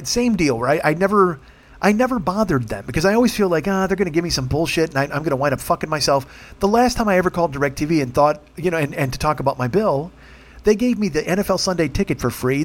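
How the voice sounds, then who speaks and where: With a fairly high-pitched voice, a man hosting a podcast works through a long, meandering, foul-mouthed story. He keeps starting over and grows exasperated along the way.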